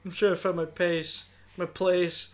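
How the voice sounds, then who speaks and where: A man's voice: high voice, level tone, measured pace, slight background noise. A man in casual podcast chat, jokey and laughing, reading from his notes.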